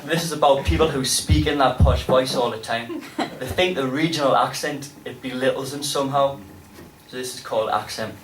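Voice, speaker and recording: A man with a Geordie accent performing spoken-word poetry on stage, with dramatic delivery and sudden loud bursts. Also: mid-range voice, normal speed, distant mic, slight background noise. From North East England. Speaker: poet. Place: pub venue with a live audience. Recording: roomy live pub recording from afar.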